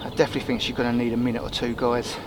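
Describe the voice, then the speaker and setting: Man, mid-pitch, out of breath, chatty outdoor vlogger, camera mic with clear background noise. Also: little pitch movement, very fast. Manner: chatty, keeps addressing viewers as guys. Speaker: fishing vlogger. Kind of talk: casual outdoor vlog talk to camera. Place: lakeside bank outdoors.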